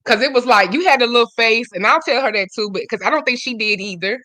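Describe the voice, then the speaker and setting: A woman hosting a livestream in casual chat, animated and swearing freely as she talks to her regulars. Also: a little high, fast, no room sound. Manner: animated, swears freely, slips into quoted dialogue. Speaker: livestream host.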